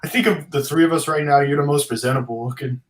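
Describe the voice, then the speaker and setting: A young man on a video call gives short, matter-of-fact replies. His voice sits a touch high, with a faint hiss behind it. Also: fast talker. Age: young adult. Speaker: guest. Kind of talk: casual video-call chat.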